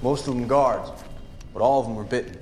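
An actor playing a tense soldier in a film clip. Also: male voice, medium pitch, brisk, darkish tone, a little hiss or hum, natural voice. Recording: roomy film clip with faint music.

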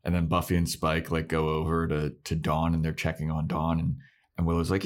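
A man co-hosting a podcast, casually recapping a TV episode and acting out characters' lines. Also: brisk. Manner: animated retelling, acts out lines in high falsetto voices. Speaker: podcast co-host.

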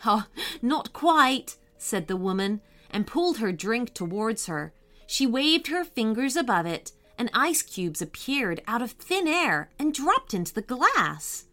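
A woman narrating a children's story in a gentle, expressive read-aloud way. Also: fairly high pitch, unhurried, faint music behind.

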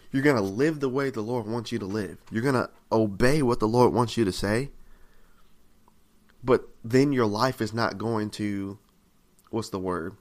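A man giving a conversational sermon, acting out pleas to God and asking his listeners frequent questions. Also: mid-range voice. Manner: asks the audience frequent questions. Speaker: preacher.

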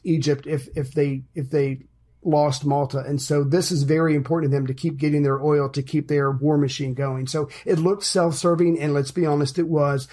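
A man's voice: a little high, darkish tone. A man co-hosting a casual history podcast, explaining things step by step in a chatty way. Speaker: podcast co-host.

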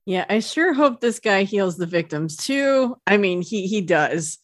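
A woman's voice: mid-range voice, lively intonation, measured pace, dry recording, clean studio sound. A woman co-hosting a podcast, chatting casually and sharing background trivia about an episode. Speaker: podcast co-host. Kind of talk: casual chat.

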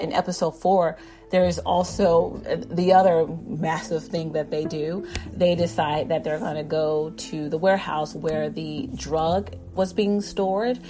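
Gushing reviewer, female, lowish pitch, loose casual recap. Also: darkish tone. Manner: enthusiastic, rambling with many fillers. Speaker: drama reviewer.

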